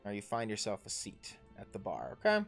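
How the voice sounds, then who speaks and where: A young man narrating as dungeon master, rambling and halting with many fillers. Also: on the low side, huge pitch swings, creaky, soft background music. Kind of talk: narrating a tabletop game.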